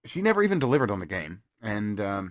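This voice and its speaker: A man hosting a casual podcast, telling a story with lots of fillers and pauses. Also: on the low side, big pitch swings, a crowd in the background. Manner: rambling storyteller with many fillers. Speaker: podcast host.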